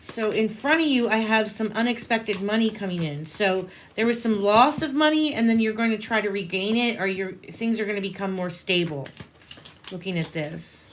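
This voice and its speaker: A woman's voice: mid-range voice, normal speed, slight background noise. A woman hosting a live tarot reading, chatting casually with viewers and calling them honey. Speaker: tarot reader and livestream host.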